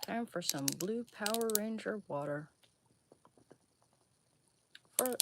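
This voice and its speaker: A young woman chatting casually on a livestream while doing a face mask, wry and low-key. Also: animated, slow pace, pauses often, heavy background noise.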